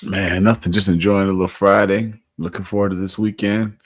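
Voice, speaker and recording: A man's voice: low-pitched, flat delivery, brisk. A man co-hosting a sports talk show, chatting in a laid-back, easygoing way. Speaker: co-host, former player. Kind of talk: casual chat.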